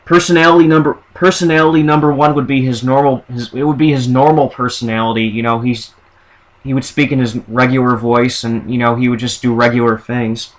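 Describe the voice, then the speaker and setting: A man talking alone to his camera in a loose, rambling way, working through a list of ideas. His voice sits at an ordinary pitch. He often restarts his sentences. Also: steady tone, fairly quick, low-quality recording. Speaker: vlogger. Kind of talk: casual monologue listing ideas.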